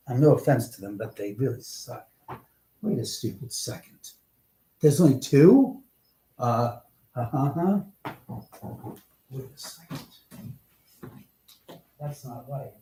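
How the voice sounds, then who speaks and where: Male livestream host at home, husky and mellow, chatty, swears freely. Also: medium pitch, lively intonation, slow pace, long pauses. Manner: chatty and exclamatory, swears casually. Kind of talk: casual live-stream chat, answering viewers.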